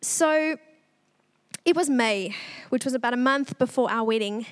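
A young woman giving an earnest, tearful church testimony, pausing often. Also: on the high side.

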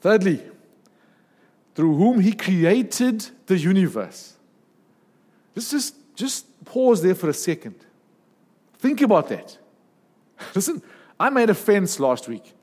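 A man preaching a sermon in a lively, humorous way, with asides and jokes. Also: high-pitched, takes it slowly, long pauses, long reverb tail.

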